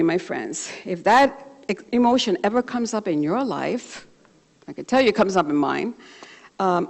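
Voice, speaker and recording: Woman minister preaching in a reverberant hall. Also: medium pitch. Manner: warm storytelling, animated when retelling a conversation. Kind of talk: sermon. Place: church sanctuary. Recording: church livestream with long reverb.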